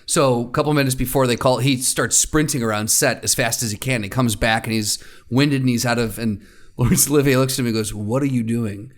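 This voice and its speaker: A man's voice: medium pitch, a little fast. A man co-hosting a podcast in casual chat, telling a film anecdote. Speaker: podcast co-host.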